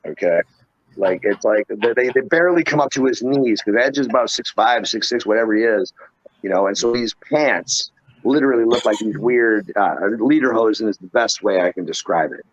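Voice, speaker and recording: A middle-aged man with a lowish voice tells a rambling, profane story as an interview guest. His sound is dry and close, with a dull, lo-fi edge. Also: a little fast, dry recording. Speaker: guest, pro wrestler.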